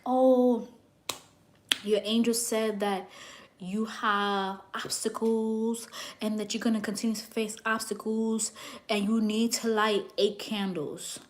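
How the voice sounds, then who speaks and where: A young woman who works as a psychic reader, telling a story to her viewers in a brash, animated way and swearing freely. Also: on the high side, unhurried.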